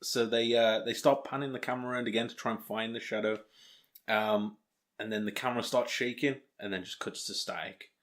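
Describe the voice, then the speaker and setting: This young man's voice is fairly low, steady, brisk and a bit bright as he co-hosts a casual podcast. He recaps an episode in a wandering, joking way, mocking himself and filling gaps with ums.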